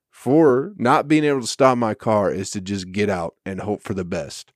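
A man's voice: mid-range voice, animated, normal speed, few pauses, a little mellow, no room sound, studio quality. A man hosting his own comedy podcast, ranting casually and profanely into a podcast microphone and breaking into chuckles.

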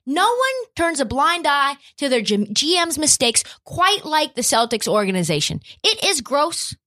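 A woman with a high voice rants her way through sports commentary, and her pitch swoops up and down. She talks in an emphatic way, with a lot of swearing. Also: big pitch swings, a little slow, pushed and bright. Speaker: sports podcast host. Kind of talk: opinionated sports commentary chat.

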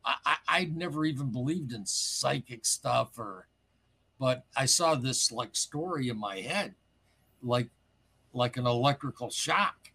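Man, gravelly husky voice, casual excitable storyteller who wanders off track. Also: medium pitch, measured pace. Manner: rambling, excitable, lots of asides. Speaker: caller telling his story.

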